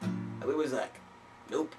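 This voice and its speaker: A man improvising a rambling, giggly half-sung story, slipping into squeaky high voices to quote people. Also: lively intonation, normal speed, rough recording. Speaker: amateur singer-storyteller. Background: guitar playing.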